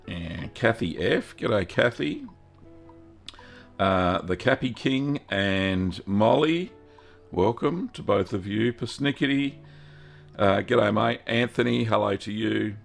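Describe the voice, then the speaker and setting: A man's voice: sits low, gravelly. An Australian man hosting a live Q&A stream, chatting casually in a folksy way, greeting viewers by name and filling gaps with ums and uhs. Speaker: host of a cheese-making livestream.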